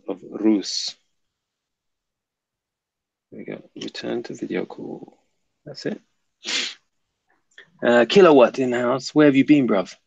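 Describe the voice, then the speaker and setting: A man with a gravelly, creaky voice hosts a casual livestream from his desk. He mutters to himself while setting things up and chats with viewers between comments. The recording is dry and dull, with a lo-fi edge. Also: medium pitch, a little mellow, dry recording. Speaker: livestream host.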